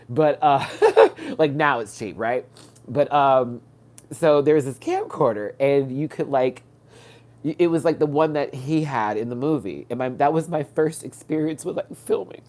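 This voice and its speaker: On a live stream picked up by a webcam or phone mic, a man with a slightly mellow mid-range voice hosts. His nose is stuffed from crying, and his casual personal storytelling meanders, riddled with fillers and restarts.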